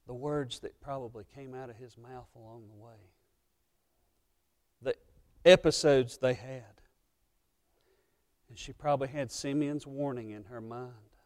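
A man preaching a sermon as pastor, emotional and impassioned, swinging between loud passages and hushed ones. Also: medium pitch, fairly even intonation, a little slow, long pauses.

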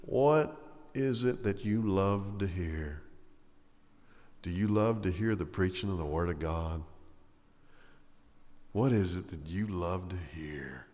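Man preaching in a reverberant hall. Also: deep voice. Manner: swings between loud emphatic lines and hushed, slow ones. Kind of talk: sermon.

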